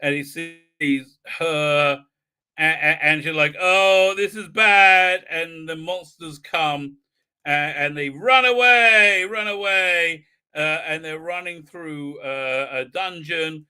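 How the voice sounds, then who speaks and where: A man's voice: on the high side, slow pace, bright, forceful tone, clear, resonant tone. A man hosting a live stream, recapping an episode in a rambling, sarcastic way with many fillers. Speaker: host.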